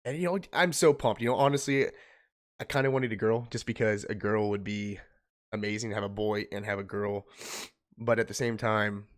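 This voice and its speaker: A young man streaming from home, telling an emotional personal story in a halting way, holding back tears. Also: lowish voice. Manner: halting, restarting, choked up.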